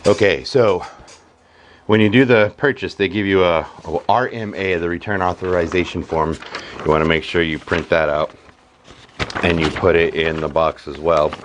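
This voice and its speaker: A man's voice: low-pitched, fairly even intonation, moderate pace. A man hosting his woodworking channel, chatting casually through an unboxing and narrating what he does as he goes. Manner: chatty, self-narrating, easily amused. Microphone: phone camera. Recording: noisy phone recording.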